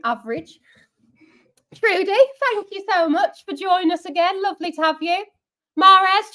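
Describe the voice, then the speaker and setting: Young woman, high voice, sarcastic live-stream football fan host. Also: a bit bright. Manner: sarcastic, chatty, reads out viewer comments. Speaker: fan channel watch-along host. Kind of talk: live match watch-along chat.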